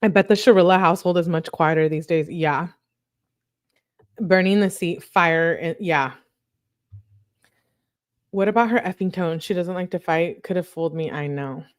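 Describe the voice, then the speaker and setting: A woman hosting a true crime show in a relaxed, chatty way, breaking off to answer her viewers' comments. Her voice sits fairly low, and the recording is dry and close with no room sound. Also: normal speed, pauses often, no room sound. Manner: chatty, reacts to viewer chat with asides. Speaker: true crime video host. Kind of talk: casual commentary, reading text messages aloud.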